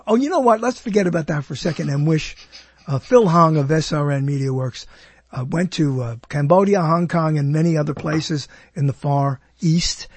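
Host type: rambling, jokey man, high and husky, dry close sound. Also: a little mellow, dry recording. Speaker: talk show host. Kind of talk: casual live internet talk show.

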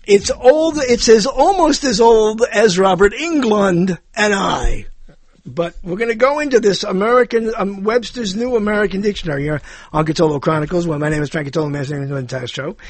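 On his own show, an older host drifts through a digressive monologue, cracking jokes and wondering aloud about word meanings. His voice sits high with a breathy edge, in a dry recording.

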